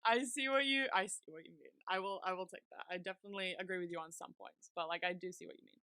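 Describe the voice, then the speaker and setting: A woman's voice: on the low side, quick pace, bright, forceful tone, smooth, no echo. A woman co-hosting a podcast, retelling TV scenes in casual chat and acting out the characters' lines with frequent laughter. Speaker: podcast co-host.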